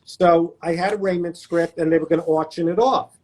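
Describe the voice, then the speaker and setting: High-pitched guy on a video call telling funny showbiz stories, kinda self-deprecating. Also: steady tone, a little mellow. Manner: anecdotal, self-deprecating, does quick impressions. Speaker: guest actor. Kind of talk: casual storytelling chat.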